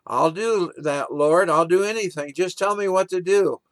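A man voicing a desperate man hanging from a cliff, pleading and shouting for help. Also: high voice, moderate pace.

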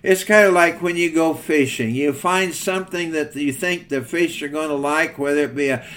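A man's voice: on the high side, normal speed, a bit bright. An older man preaching a sermon in a folksy, earnest storytelling manner.

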